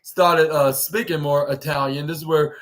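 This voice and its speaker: A man's voice: on the high side, fairly even intonation, moderate pace. A man hosting a podcast, rambling through a casual recap of a show scene by scene and acting out bits of what each person said. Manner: rambling retelling of scenes with acted-out quotes. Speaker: podcast host.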